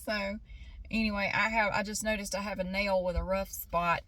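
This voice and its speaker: A woman's voice: mid-range voice, steady tone, normal speed, fairly bright tone. A middle-aged woman chatting casually in a rambling vlog, often laughing as she talks. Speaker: vlogger.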